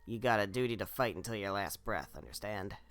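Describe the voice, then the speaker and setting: A man voicing a fierce old grandmother in a game, gruff and blunt. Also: lowish voice, expressive, a little fast, a bit bright, no room sound, pitched below the performer's own voice. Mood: stern.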